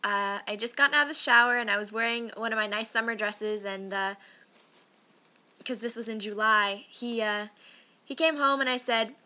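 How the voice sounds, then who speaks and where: Young woman vlogging at home, chatty and animated, slightly high bright voice. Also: moderate pace. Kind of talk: casual storytelling to camera.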